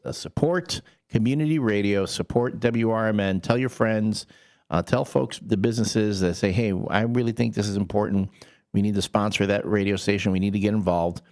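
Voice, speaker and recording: A man's voice: fairly low pitch, gravelly. A man hosting a local morning radio show, chatting casually and joking with his co-host. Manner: animated, jokey, breaks into silly voices. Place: radio studio.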